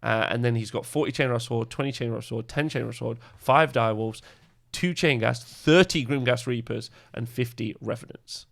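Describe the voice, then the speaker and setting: A man with a gravelly, fry-laden voice chats his way through a podcast as its host. He talks loosely and casually, with plenty of uhs and little laughs between his points. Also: mid-range voice, moderate pace, few pauses, fairly bright tone. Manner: rambling, lots of filler uhs and laughs. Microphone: podcast microphone.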